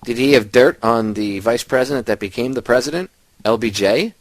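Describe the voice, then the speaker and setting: A man's voice: mid-range voice, brisk, no echo, rough recording. A man hosting a radio show, delivering an emphatic, ranting monologue straight to his listeners. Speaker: host.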